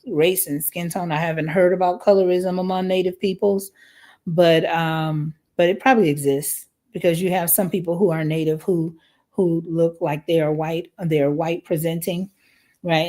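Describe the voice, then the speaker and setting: An American woman hosts a live parenting podcast with a low-pitched voice. She talks in a relaxed, conversational way, often ending points with "right?" to check in with listeners. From United States. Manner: conversational, frequent "right?" tag questions.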